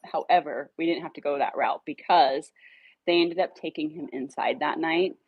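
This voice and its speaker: A woman casually telling a dog rescue story, animated, swearing now and then and acting out her own lines. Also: moderate pace, slightly rough, no room sound, highs cut off. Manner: animated, acts out her own dialogue in a higher voice; swears casually when irritated.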